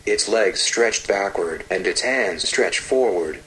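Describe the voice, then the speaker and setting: A man narrating a fairy tale slowly and gently, with repetitive storytelling phrasing. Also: on the low side, lively intonation, poor audio.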